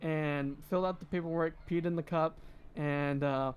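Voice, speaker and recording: With a slightly high, clean-toned voice at normal speed, a podcast co-host in his twenties laughs his way through a story, performing other people's lines. The chat is casual and animated, and the sound is lo-fi.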